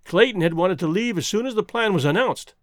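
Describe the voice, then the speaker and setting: A man narrating a classic novel as an audiobook in a measured, expressive reading. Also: sits high, no echo, studio quality.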